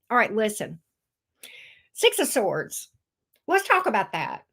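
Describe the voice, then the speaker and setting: A woman giving a casual tarot reading, chatty and excitable, swearing now and then when she gets thrilled. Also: mid-range voice. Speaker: tarot reader.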